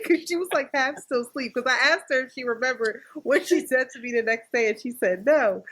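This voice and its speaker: A woman's voice: sits high, sing-song, a little slow, sharp tone, slight background noise. Laughing woman telling a story. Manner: laughing storyteller, acts out quotes. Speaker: podcast co-host. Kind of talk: casual podcast chat.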